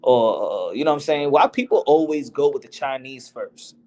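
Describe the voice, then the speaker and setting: A man's voice: medium pitch, expressive, moderate pace, mellow, slight background noise. A man hosting a boxing podcast, talking in a casual, slangy street style. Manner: slangy, loose street talk. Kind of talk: casual chat.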